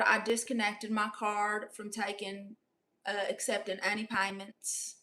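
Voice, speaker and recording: A woman's voice: mid-range voice, little pitch movement, measured pace, bright, forceful tone. A young woman live-streaming, reading viewer comments aloud and firing back sassy, brash comebacks.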